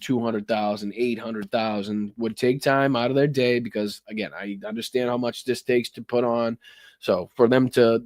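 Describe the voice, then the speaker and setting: A man with a Boston accent talks casually through a live stream, rambling and thanking his viewers one after another. He swears freely. His voice is mid-pitched and sits close and dry on the mic. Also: dry recording.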